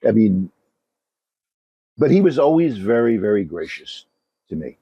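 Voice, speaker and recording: A man's voice: lowish voice, sing-song, unhurried, dark tone, slightly rough, dry recording, highs cut off. An older man co-hosting a podcast, telling rambling anecdotes in casual chat and swearing often. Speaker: podcast co-host.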